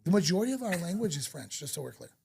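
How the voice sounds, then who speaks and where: A man hosting a loose podcast, telling crude stories with a joking edge. His voice sits high for a man, with a gravelly fry and a husky texture. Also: sing-song, racing, a little mellow. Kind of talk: casual podcast chat.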